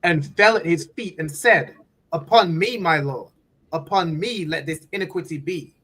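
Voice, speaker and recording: A man in a scripture class reading verses aloud slowly and carefully. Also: a little high, a bit bright, poor audio. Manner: slow, careful reading with "come on" prompts.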